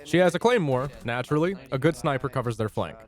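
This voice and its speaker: A man's voice: medium pitch, expressive, fast. A young man reading a scripted game guide with dry, jokey asides. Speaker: gaming YouTuber.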